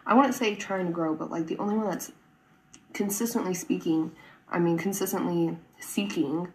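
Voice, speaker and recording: A woman's voice: lowish voice, moderate pace, a little mellow, rough recording. A woman in her twenties talking earnestly to camera in a personal vlog, rambling, with frequent "like" and "right?". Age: 20s. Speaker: vlogger.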